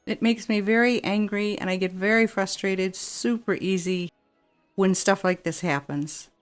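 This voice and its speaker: A woman's voice: mid-range voice, steady tone, a little slow, soft background music. A woman giving gameplay commentary as she plays a city-building game, exasperated and grumbling to herself about the controls. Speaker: game streamer.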